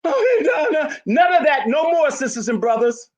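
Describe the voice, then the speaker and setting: This is an elderly man in his eighties delivering a fiery speech at a community rally. His voice sits notably high for a man. He is forceful and emphatic, and he often rises to a shout. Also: sing-song, moderate pace. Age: 80s. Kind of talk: impassioned public speech.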